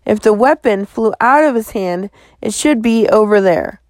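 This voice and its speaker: A woman reading a stern male sheriff who gives brisk orders at a crime scene. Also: medium pitch, animated, no room sound, studio quality, lightly acted. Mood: businesslike. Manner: commanding, brisk.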